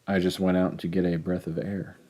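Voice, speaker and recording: A man's voice: low voice, level tone, a little fast, dark tone. A man reading aloud, voicing a cool, sweetly mocking wealthy wife in an audiobook story.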